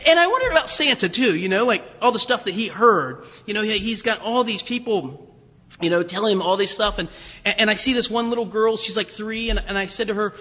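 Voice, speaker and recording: A man's voice: high-pitched, sharp tone. A man preaching a storytelling sermon in a church, chatty and hesitant, full of fillers and restarts. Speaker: pastor. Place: church sanctuary. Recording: long reverb of a church hall.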